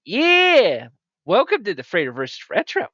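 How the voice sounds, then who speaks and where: A man hosting a comedy show who rambles, stammers and jumps into high-pitched exclaims. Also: lively intonation, measured pace, a bit bright, no room sound. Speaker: show host. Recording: dry, dull lo-fi mic.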